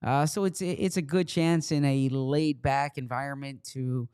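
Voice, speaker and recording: This man, also speaking with a slight Philadelphia accent, co-hosts a sports podcast in a relaxed, chatty way, often repeating and restarting as he explains. His mid-range voice is clean and a little mellow, with fairly even intonation and a measured pace.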